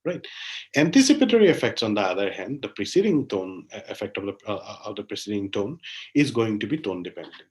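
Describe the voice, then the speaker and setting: A man's voice: big pitch swings, fast talker, darkish tone. A man giving an academic linguistics talk, explaining research step by step with frequent "like, you know" fillers and hesitations. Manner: frequent fillers "like, you know", pitch rising on new points. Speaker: linguistics lecturer.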